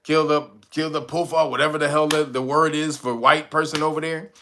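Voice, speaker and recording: Profane, high-voiced man riffing on news. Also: brisk, a little hiss or hum. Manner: profane, laughs often, animated. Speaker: commentary channel host. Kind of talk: casual political commentary.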